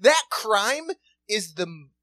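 A woman's voice: medium pitch, very animated, slow, a bit bright, dry recording. A woman co-hosting a podcast who recaps a TV show with lots of laughter, swearing and mocking asides. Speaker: podcast co-host. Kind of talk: casual comedic recap.

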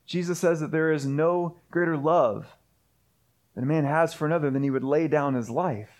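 Male pastor, high voice, earnest sermon delivery with repeated rhythmic phrasing. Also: a little mellow. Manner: earnest, repetitive preaching cadence.

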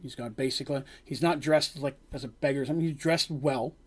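A man's voice: medium pitch, quick pace, husky. A man, a game master, recounting a tabletop game session in a rambling way full of fillers. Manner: rambling, filler-heavy storytelling.

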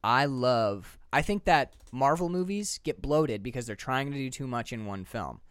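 A man's voice: medium pitch, lively intonation, moderate pace, clean tone, no room sound. A man co-hosting a casual movie chat podcast, talking with enthusiasm, rambling and laughing often. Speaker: podcast co-host.

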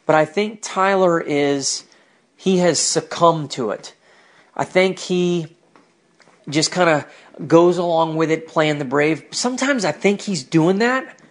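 Male host, higher-pitched, earnest and reflective, doing faith commentary. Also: slow. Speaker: podcast host with a ministry. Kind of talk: personal religious commentary.

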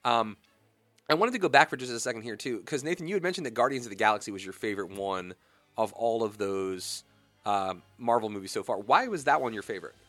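A young adult man hosts a radio talk show from the studio, talking fast and chatting casually before launching into animated rants that climb in pitch and volume. There's no room sound, just faint music behind him.

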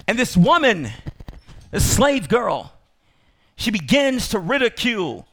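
A man preaching a sermon to his congregation. He speaks emphatically, repeats himself, and rises into shouts. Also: high voice, sing-song, slow, gravelly. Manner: emphatic, repetitive, bursts into shouting; addresses congregation directly. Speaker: pastor.

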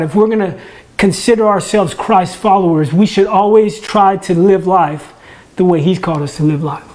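A high-pitched, slightly mellow male voice belongs to a church ministry leader giving a laid-back sermon in his own home. He speaks conversationally, often restarting words, and turns his humor on himself.

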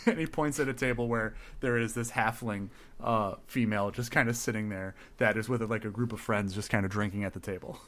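A man's voice: lowish voice, brisk, a bit bright. A man playing a tabletop game, describing his character's actions in a laughing, offhand way. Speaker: player.

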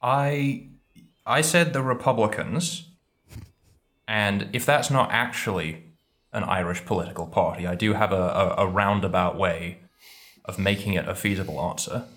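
A man's voice: fairly low pitch, moderate pace, fairly bright tone. A man from England making a playful, cheeky argument on a casual podcast quiz. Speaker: podcast guest, quiz player.

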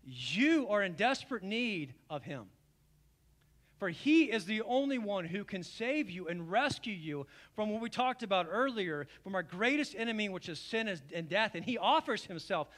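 A man pastor preaching a communion sermon to his congregation, earnest and pleading, swinging from emphatic calls down to low, quiet invitations. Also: big pitch swings, normal speed. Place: church service.

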